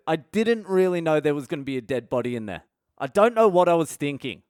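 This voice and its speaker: A man's voice: on the high side, clear, resonant tone, no room sound, clean studio sound. A man hosting a podcast, telling a story in a candid, profane, casual monologue and laughing at himself. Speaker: podcast host.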